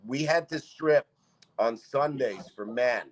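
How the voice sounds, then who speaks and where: A man from Canada spins loose, rambling comic stories as a podcast guest. His voice sits at an everyday pitch for a man. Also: slow, a little hiss or hum, poor audio. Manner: rambling anecdotes with bursts of laughter. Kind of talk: casual comic storytelling.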